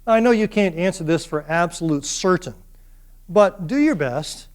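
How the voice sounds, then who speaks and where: High-voiced animated male lecturer. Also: normal speed. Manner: animated, engages students with questions. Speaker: university lecturer. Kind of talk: classroom lecture. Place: lecture classroom.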